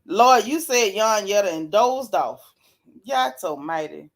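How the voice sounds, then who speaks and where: A woman hosting a casual live-stream recap, reading viewer comments and talking with sassy, animated flair, often yawning and laughing. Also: medium pitch, unhurried. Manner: sassy, animated, Southern Black vernacular gossip. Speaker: reality TV recap host reading live chat.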